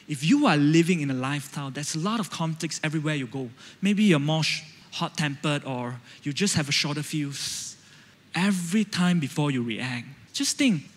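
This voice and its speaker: High-voiced Malaysian preacher in a hall. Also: male voice, lively intonation, normal speed, fairly bright tone. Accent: Malaysian English. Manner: conversational, storytelling, frequent "right?" check-ins. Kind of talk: sermon.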